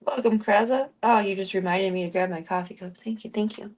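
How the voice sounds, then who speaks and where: A woman live-streaming from her home in a loose, chatty way. She keeps up a running conversation with her viewers and drops into a soft, cooing voice for her cats. Her voice sits at an ordinary pitch for a woman. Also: fairly even intonation, a little fast. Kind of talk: casual live-stream chat.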